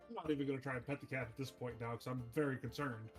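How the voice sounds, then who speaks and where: A man's voice: medium pitch, fairly even intonation, racing, faint music behind. A man playing a tabletop game as a player, blunt and jokey, swearing now and then.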